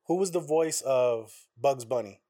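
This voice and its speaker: A man's voice: mid-range voice, measured pace, warm tone, no room sound. Brief: a male podcast host, loose and profane, recorded dry on a close mic. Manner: profane, slangy and rambling. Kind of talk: casual chat.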